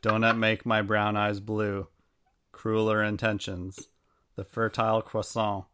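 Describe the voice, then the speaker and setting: Teasing podcast co-host, bright voice. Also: mid-range voice, flat delivery, unhurried. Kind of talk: casual podcast banter, reading pun lists.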